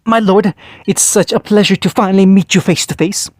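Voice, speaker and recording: A man's voice: sits high, steady tone, brisk, no room sound. A man reading the part of a fawning, formal male cult follower in a storybook-style fan fiction reading.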